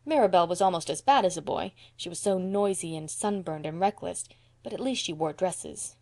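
A woman narrates a classic novel as an audiobook, reading in a measured, expressive way. Her voice sits on the low side, and the narration is scripted, storybook style.

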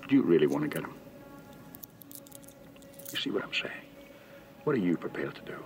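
A gruff veteran cop, low voice. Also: male voice, very animated, a little fast, a little mellow, faint music behind, full character voice. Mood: intense. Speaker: film character. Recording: film clip, distant with background ambience.

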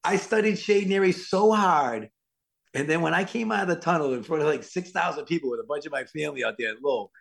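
A man's voice: a little high, fairly quick, gravelly. A man from Worcester, Massachusetts, a guest actor rambling casually through anecdotes and acting out the quotes. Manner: animated, rambling, acts out quotes loudly.

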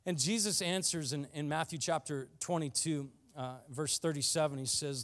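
A man preaching with an earnest, pressing delivery that swells into passionate emphasis. His voice sits fairly high for a man, and he often restarts a phrase before pushing on. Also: normal speed, fairly bright tone. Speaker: pastor. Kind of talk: sermon.

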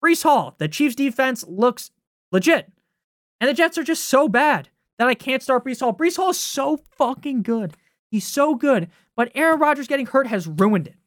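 A man's voice: very high voice, sing-song, normal speed, no echo, clean studio sound. A man hosting a fantasy football podcast, giving casual, heated and sarcastic analysis full of swearing.

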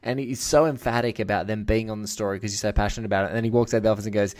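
A man's voice: medium pitch, racing, hardly any pauses. A man hosting a podcast, talking about a film in an enthusiastic, rambling way and laughing often. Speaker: podcast host. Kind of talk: casual film discussion.

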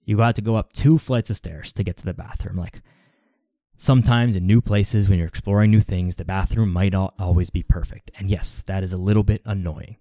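A man's voice: low-pitched, steady tone, a little fast, mellow, dry recording, clean studio sound. A man hosting a fitness podcast, talking casually and rambling with lots of "like" fillers. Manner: rambling, heavy use of "like" fillers. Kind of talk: casual solo podcast talk.

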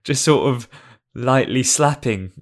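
A man's voice: mid-range voice, takes it slowly. A man co-hosting a casual film chat, joking and laughing easily. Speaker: podcast co-host.

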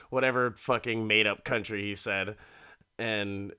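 A man casually retelling a TV episode in an animated, crude and profane way, laughing often. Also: on the low side, a little slow, smooth.

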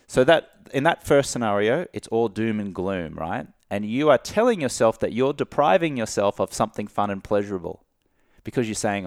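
A man from Australia, a guest coach on a podcast, who talks in an animated way and acts out little dialogues in different voices. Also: fairly low pitch, brisk, dry recording, clean studio sound. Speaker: guest, alcohol-free coach.

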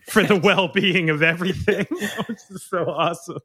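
A man hosting a casual interview, chatty and quick to agree with his guest. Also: high voice, a bit bright, slightly rough, dry recording, clean studio sound. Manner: friendly, chatty, frequent backchannel agreement. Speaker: podcast host.

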